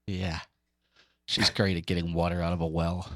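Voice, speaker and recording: A man's voice: low-pitched, flat delivery, moderate pace, a bit bright, no echo, clean studio sound. A man co-hosting a sports talk show, joking around in casual, playful banter.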